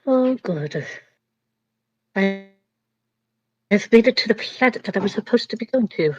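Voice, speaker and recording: A woman playing in a tabletop game. She answers hesitantly and softly. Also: mid-range voice, lively intonation, measured pace, breathy edge, no room sound, muffled recording. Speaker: player.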